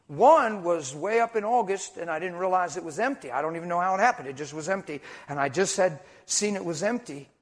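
A middle-aged man preaching a sermon, telling stories with hushed asides and loud bursts of emphasis. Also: high voice, a little fast, few pauses. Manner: storytelling, animated, swings between hushed asides and loud emphasis. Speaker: traveling preacher.

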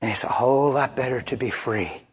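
A man's voice: mid-range voice, steady tone, fast talker, breathy edge. A male preacher delivering a sermon in a folksy, colloquial and emphatic storytelling manner.

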